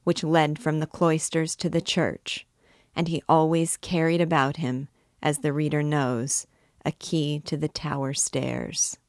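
A woman reading a classic novel aloud in a measured, expressive way. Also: low-pitched, no room sound, clean studio sound. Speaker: book reader and guide.

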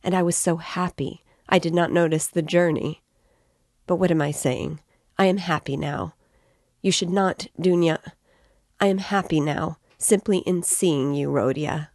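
A woman's voice: low-pitched, normal speed, gravelly, no room sound, studio quality. A woman reading the lines of an anxious, loving middle-aged mother who talks in a fretful, pleading way.

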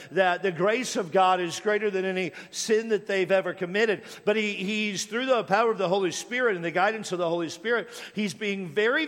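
High-voiced man preaching in a hall. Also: a bit bright. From Washington State. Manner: storytelling, repeats words when building a point. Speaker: pastor. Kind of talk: sermon.

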